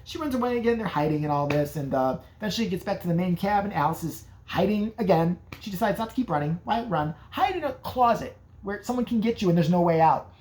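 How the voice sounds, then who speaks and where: A woman's voice: on the low side, lively intonation, a little fast, hardly any pauses, a little mellow. A woman giving a sarcastic, profane, casual recap of an old movie. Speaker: movie reviewer.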